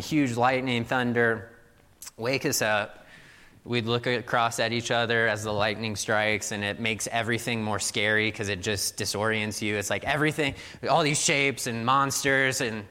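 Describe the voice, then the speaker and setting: A man's voice: mid-range voice, sharp tone, clear, resonant tone, long reverb tail. A young adult man from Missouri giving a sermon in a loose, conversational storytelling way, full of "like" fillers. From Missouri, USA. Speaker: pastor.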